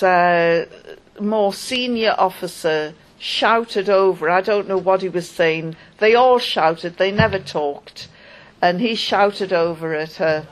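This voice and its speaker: A woman recounting a personal experience in a halting, wry first-person account, pausing often as she goes. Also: on the low side, low-quality recording. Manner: halting, wry storytelling with pauses.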